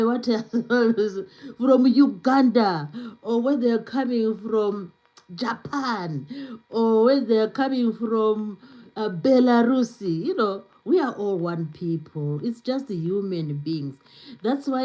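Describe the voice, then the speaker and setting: A woman's voice: a little high, warm tone, lo-fi sound. A woman hosting a live stream in a casual, chatty way with lots of fillers, speaking English with an accent. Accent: non-native English accent. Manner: chatty, many fillers, reads viewer comments aloud. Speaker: livestream host.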